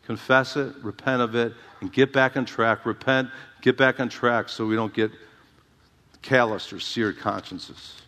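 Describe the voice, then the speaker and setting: A man's voice: medium pitch, fairly even intonation, unhurried, sharp tone, big-room sound. A man preaching an expository sermon, calling out for "Amen" and repeating words as he drives his points home. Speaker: pastor.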